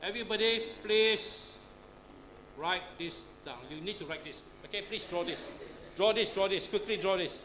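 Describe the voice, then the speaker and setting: A man leads a classroom lesson, quizzing students out loud and tossing in "huh?" and "all right" between questions. The recording is noisy, with a clear hiss of room noise behind him. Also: high voice, moderate pace. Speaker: Pathfinder class instructor. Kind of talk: interactive classroom teaching. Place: church classroom.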